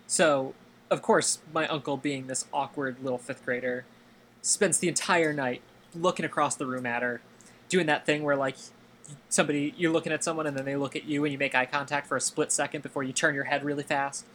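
A man's voice: on the high side, steady tone, fairly quick, fairly bright tone, slight background noise. A man hosting a casual podcast, telling a long anecdote with plenty of fillers and laughing along with his friends. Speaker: podcast host. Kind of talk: casual storytelling chat.

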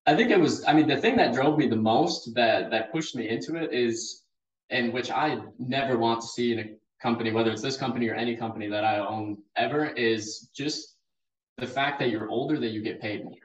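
A man's voice: mid-range voice, a little fast. A man in his twenties, a podcast guest, speaking earnestly and emphatically about his own experience. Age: 20s. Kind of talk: casual conversational interview. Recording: distant, roomy and muffled remote audio.

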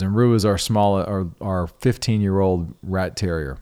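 Man, middle-aged, podcast host, fairly low voice, conversational storytelling, repeats and restarts. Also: a little slow, clear, resonant tone. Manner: conversational, restarts and repeats words, animated when quoting himself. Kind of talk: personal storytelling monologue.

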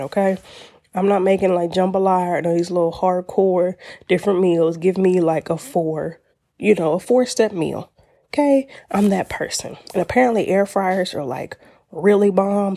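A young mom hosting a podcast, talking casually and encouragingly about faith and mindset, laughing often. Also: female voice, fairly low pitch, dark tone, dry recording, studio quality. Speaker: podcast host.

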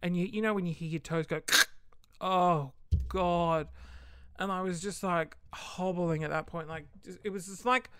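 A young woman telling a story in a casual vlog, animated, swearing freely and laughing often. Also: on the low side, unhurried, a little hiss or hum. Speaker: vlogger.

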